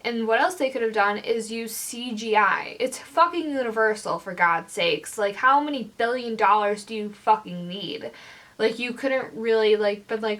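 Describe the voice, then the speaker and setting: A young woman vlogger ranting angrily to camera, swearing often and filling pauses with "like". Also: fairly high pitch, a bit bright. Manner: heated, swearing, lots of fillers. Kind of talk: angry rant to camera.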